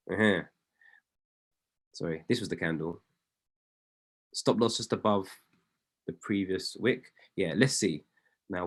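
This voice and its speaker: A man, a trading coach talking casually through trades on screen, excitable and often correcting and apologizing to himself. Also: lowish voice, moderate pace, long pauses, breathy edge. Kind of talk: casual commentary while reviewing trades on screen.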